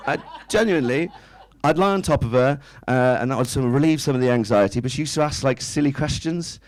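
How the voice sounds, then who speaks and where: A man's voice: mid-range voice, fairly quick, low-quality recording. A man, doing a stand-up set in a small club, chatty and self-mocking, tossing rhetorical questions at the crowd. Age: 30s. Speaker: stand-up comedian. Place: small indoor comedy club stage.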